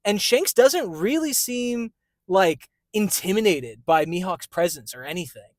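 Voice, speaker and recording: A man co-hosting a movie podcast in casual chat, animated and quick to laugh. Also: high voice, dry recording. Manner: animated, excitable, laughs easily. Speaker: podcast co-host. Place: in a parked car.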